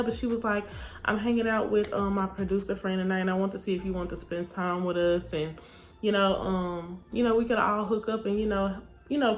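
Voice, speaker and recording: Blunt, animated young woman telling a story. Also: mid-range voice. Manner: animated, blunt, cursing freely, acts out quotes. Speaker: storytime vlogger. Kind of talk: casual storytelling.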